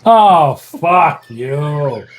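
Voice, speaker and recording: A man's voice: on the high side, drawn-out words. A man co-hosting a casual chat, telling stories with lots of swearing and laughter. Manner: profane, laughing, animated storytelling. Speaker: podcast co-host. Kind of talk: casual banter.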